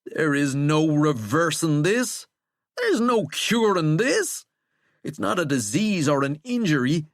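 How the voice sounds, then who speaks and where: A shackled cursed man with a wry, sardonic, coaxing drawl, as a male narrator puts him on. His pitch swoops around, raised and loud, and the voice sits close and dry on the mic, like an audiobook. He sounds mocking and folksy. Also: sing-song, slow pace, no room sound, heavily acted. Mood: bitter.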